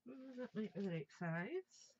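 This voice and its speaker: A woman's voice: mid-range voice, very animated, normal speed, a little mellow, lo-fi sound, a little hiss or hum. A woman, chatting and thinking aloud as she demonstrates a craft project live. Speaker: craft tutor.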